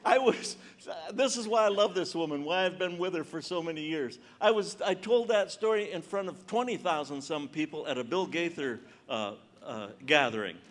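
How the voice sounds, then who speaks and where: An older man doing stand-up storytelling as a Christian comedian, animated and acting out voices on a large conference stage. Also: fairly high pitch, moderate pace, hardly any pauses. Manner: animated, acts out voices and shouts punchlines.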